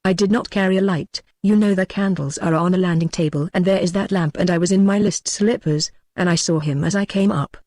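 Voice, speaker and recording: A man reading the part of an earnest gentleman who confides his ghost encounter to friends in an audiobook. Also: sits high, fairly even intonation, a little fast, few pauses, no room sound.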